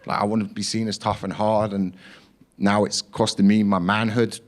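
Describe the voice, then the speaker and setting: Speaking at a moderate pace in a lowish voice with little pitch movement, a young comedian works a comedy club stage. His story comes out punchy, with quotes performed and swearing sprinkled throughout.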